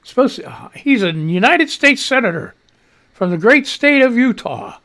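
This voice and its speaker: A man hosting a live radio show in casual, rambling chat, loud greetings and freely swearing, audibly short of breath. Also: very high-pitched, very animated, normal speed, gravelly.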